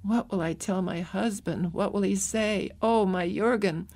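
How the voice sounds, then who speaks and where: A woman's voice: medium pitch, unhurried, a little mellow. A woman voicing a grieving young mother held prisoner, speaking in distraught, pleading lines in an audiobook.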